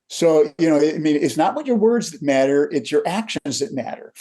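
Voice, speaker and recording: An older man, a leadership coach, talking through lessons in a relaxed interview and acting out the people in his stories. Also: fairly high pitch, moderate pace, slightly rough. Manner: animated storyteller who acts out quotes. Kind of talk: conversational storytelling.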